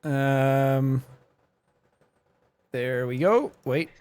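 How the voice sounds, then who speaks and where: A young Irish man chatting casually on a stream, animated and quick to laugh. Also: mid-range voice, clean tone. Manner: animated, chatty, laughs often, slips into character voices.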